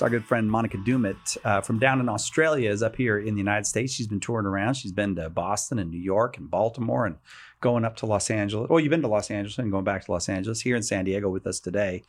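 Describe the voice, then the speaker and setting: A man hosting a live call-in radio show. His voice sits a little low, and he talks in a loose, joking way, pausing often on "uh" between phrases. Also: faint music behind. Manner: hesitant, many uh fillers, joking.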